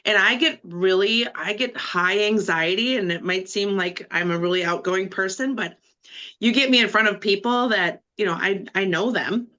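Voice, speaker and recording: A woman on a team video call who shares a personal story in an emotional, animated way, with rambling restarts. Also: medium pitch, normal speed, muffled recording. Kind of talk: casual personal sharing.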